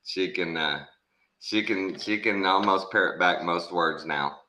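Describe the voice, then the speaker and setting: A man's voice: low-pitched, a little slow, bright, forceful tone. An older man with a Texan accent, casually chatting and telling stories. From Texas. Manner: storytelling, acting out voices in his anecdotes. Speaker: host. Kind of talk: casual chat.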